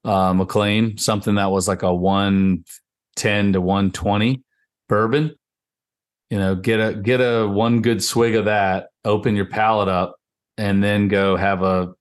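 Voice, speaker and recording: A man's voice: lowish voice, little pitch movement, measured pace. A man from Virginia co-hosting a podcast, laughing often and explaining things at length in casual chat. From Virginia, USA. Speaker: podcast co-host.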